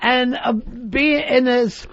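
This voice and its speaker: Higher-voiced male radio host, profane and theatrically fed up, dry lo-fi broadcast sound. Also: fairly even intonation, slow, fairly bright tone. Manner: profane, mock-exasperated rants. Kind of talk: radio talk show banter.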